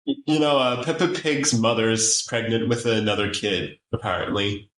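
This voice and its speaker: A man's voice: fairly low pitch, moderate pace, a bit bright. A man hosting a casual chat, rambling with lots of fillers and restarts. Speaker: podcast host. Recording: echoey room.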